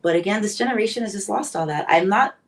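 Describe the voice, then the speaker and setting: A woman's voice: medium pitch, quick pace, far from the mic. A woman in her forties, a guest on a live interview show, speaking candidly and with emotion. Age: 40s. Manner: emotional, candid, tearful at times.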